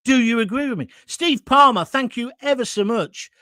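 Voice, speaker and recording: A man's voice: extremely high pitch, moderate pace, sharp tone, dry recording. A man, hosting an online talk show and chatting casually through viewer comments in a blunt, jokey way with crude asides. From England.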